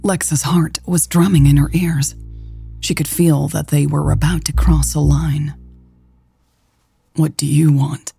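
A woman narrating a romance story in a calm, even storytelling voice. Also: deep voice, measured pace, creaky, husky, faint music behind. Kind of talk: scripted audiobook narration.

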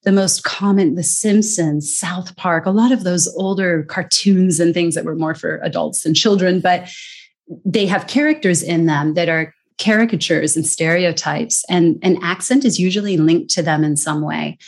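An American woman in middle age speaks as an expert guest, explaining with earnest, lively emphasis. Her voice sits a little low for a woman. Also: moderate pace. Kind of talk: conversational interview.

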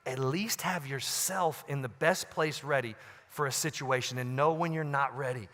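A male pastor preaching a sermon, swinging from loud emphasis to quiet, low asides. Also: normal speed, long reverb tail. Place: large church auditorium.

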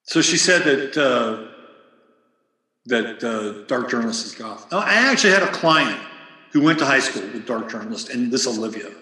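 A man's voice: medium pitch, expressive, normal speed, bright, forceful tone. A man hosting a podcast, talking in a casual monologue that rambles through digressions with plenty of profanity. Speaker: podcast host. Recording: roomy with long reverb.

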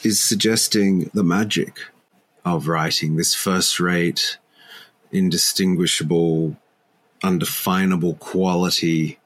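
A man's voice: low voice, a bit bright. A man co-hosting a literary podcast, talking in a rambling, wry and self-deprecating way. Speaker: podcast co-host. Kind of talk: casual literary podcast chat.

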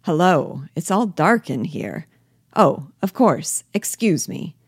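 A woman reading the part of a fussy, patronizing husband in a low, dry voice, lecturing and pleased with himself. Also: animated, takes it slowly, slightly rough, no echo, full character voice. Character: self-satisfied husband, a man, fussy and patronizing. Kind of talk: reading a play aloud.

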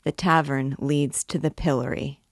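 A woman voicing a stern, gloomy middle-aged archdeacon who speaks gravely and admonishes. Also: sits low, steady tone, moderate pace, no echo, clean studio sound. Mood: warning.

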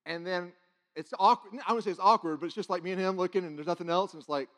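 A man preaching, telling a personal testimony in an animated, excited storytelling way. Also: sits high, fast. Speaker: guest preacher.

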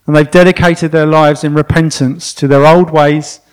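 A man, possibly middle-aged, preaching a sermon and telling a story with animated emphasis, often repeating words to stress them. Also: a little high, normal speed, clear, resonant tone.

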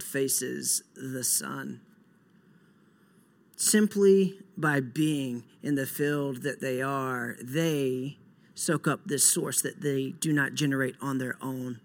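A young man preaching a sermon earnestly, moving between soft, slow passages and loud, emphatic bursts. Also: mid-range voice. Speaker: pastor.

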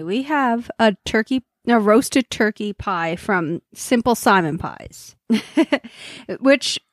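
A woman's voice: mid-range voice, no echo, clean studio sound. A woman co-hosting a podcast, chatting casually as she tastes food, laughing often and talking with her mouth full. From Canada. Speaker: podcast co-host. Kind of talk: casual food-tasting chat.

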